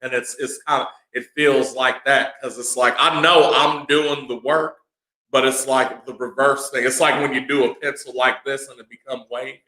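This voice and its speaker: Podcast co-host, male, bright forceful voice, crude joking banter, echoey room. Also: medium pitch, flat delivery. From California. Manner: crude, joking, drawn-out storytelling. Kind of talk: casual comedic chat.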